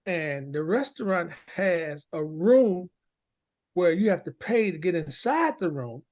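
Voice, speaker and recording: Speaking at a measured pace in a high voice, a male podcast co-host spins a story during a relaxed chat. He's an animated storyteller who performs the voices of the characters involved.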